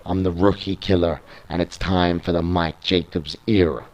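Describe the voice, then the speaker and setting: A man's voice: deep voice, fairly even intonation, moderate pace, a little mellow, lo-fi sound, a little hiss or hum, lightly acted. A British man reading out the lines of a smug, boastful male wrestling contender. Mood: sneering. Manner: sneering, boastful.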